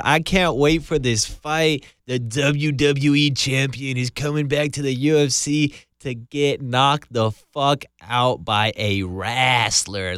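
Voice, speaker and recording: A man's voice: mid-range voice, fairly bright tone, clear, resonant tone, no echo. Brief: male podcast host, ranting and swearing, dry close recording. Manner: heated, ranting, heavy swearing. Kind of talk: profane casual commentary.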